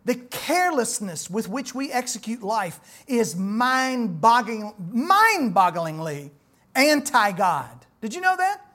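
A middle-aged man delivers a sermon. He drops to near-quiet asides, then climbs in pitch and volume to press rhetorical questions on his listeners. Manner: dramatic swings from soft to loud, rhetorical questions. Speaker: preacher.

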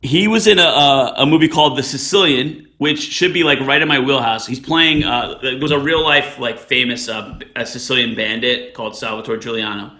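A man's voice: medium pitch, normal speed, few pauses, sharp tone, echoey room. A man co-hosting a casual chat about a film, talking with enthusiasm and frequent restarts. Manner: conversational, hesitant restarts, enthusiastic film talk. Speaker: podcast co-host.

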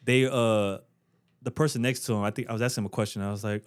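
A man's voice: fairly low pitch, fairly even intonation, fast. A man co-hosting a podcast in casual chat, telling stories in a laid-back way and swearing freely. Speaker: podcast co-host.

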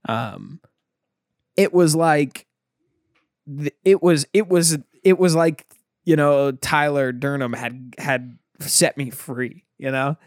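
A man's voice: fairly high pitch, slow, dry recording, clean studio sound. A man in casual chat, telling stories animatedly and acting out the quotes. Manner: animated storyteller, acts out quotes.

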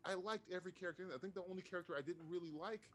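A man co-hosting a casual movie podcast, excitable and swearing freely as he talks. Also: very fast, a little hiss or hum. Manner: excitable, swears often, jumps between pitches. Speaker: podcast co-host. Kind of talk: casual movie review chat.

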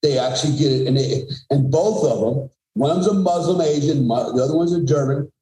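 A middle-aged man telling a story with blunt, profane emphasis. His voice sits a little high for a man but has a dark, mellow tone. The room around him adds a roomy echo. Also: brisk. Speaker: podcast guest, former special forces soldier. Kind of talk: conversational storytelling.

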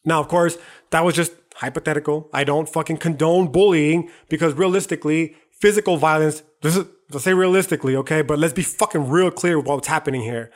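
A man's voice: a little high, fairly quick. A young man from the United States hosting a podcast, delivering a heated, profane monologue and calling the listener "dog". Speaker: podcast host.

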